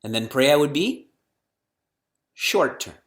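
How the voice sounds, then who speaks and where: A middle-aged man teaching spirituality delivers a scripture lecture to listeners, throwing out rhetorical questions and chanting verses slowly. His animated voice sits on the high side.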